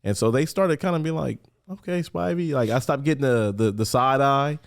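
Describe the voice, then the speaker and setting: A podcast guest from Los Angeles tells his story conversationally in a medium-pitched, brisk, smooth voice. He's animated, sprinkling in lots of "like" and acting out voices for the people he quotes.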